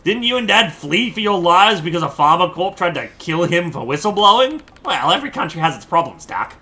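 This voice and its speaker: A man reading game dialogue aloud, voicing a fussy, chatty old mother with a shrill, warbly voice. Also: very animated, fairly quick, pushed and bright, exaggerated voice.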